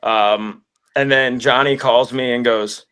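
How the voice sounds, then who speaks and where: A musician in a casual interview, telling stories with lively acted-out phone calls. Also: male voice, mid-range voice, slow pace, clear, resonant tone. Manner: animated storyteller, acts out phone calls.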